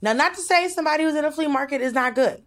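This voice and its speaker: A woman co-hosting a podcast in casual chat, telling stories in an animated, blunt and expressive way. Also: high-pitched, very fast. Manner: animated storyteller, blunt and expressive, swings between loud and soft. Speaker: podcast co-host.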